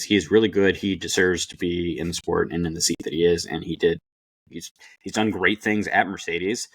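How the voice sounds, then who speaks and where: A man's voice: on the low side, dry recording. A man co-hosting a podcast in casual chat, talking with many fillers and restarts. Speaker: podcast co-host.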